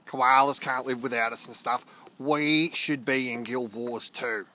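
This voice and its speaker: A man's voice: medium pitch, steady tone, measured pace, pushed and bright, a little hiss or hum. A man voicing a grumpy, blokey eucalyptus gum tree with an Australian accent, grumbling a laid-back complaint. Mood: aggrieved.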